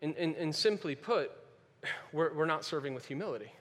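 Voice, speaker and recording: High-voiced preacher in a reverberant hall. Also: male voice, expressive, fairly quick. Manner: swings from quiet and earnest to loud and emphatic, repeats key phrases. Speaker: pastor. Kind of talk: sermon. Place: church sanctuary. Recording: long reverb of a large hall.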